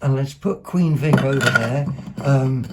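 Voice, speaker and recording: A man hosting a vlog, chatting casually about second-hand finds in a rambling, excitable way, full of ums and self-corrections. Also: mid-range voice, a little slow, very noisy. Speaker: vlog host.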